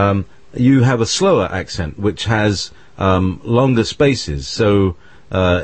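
A man's voice: fairly low pitch, measured pace, no room sound. A British man talking in a rambling, hesitant way, with many restarts and fillers. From Britain. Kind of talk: casual conversation.

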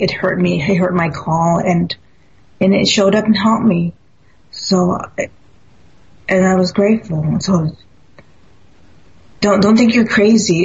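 A woman's voice: medium pitch, vocal fry. A woman in casual spiritual conversation, speaking earnestly and acting out the voices in her own stories. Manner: earnest, storytelling, acts out quotes. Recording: dull lo-fi audio.

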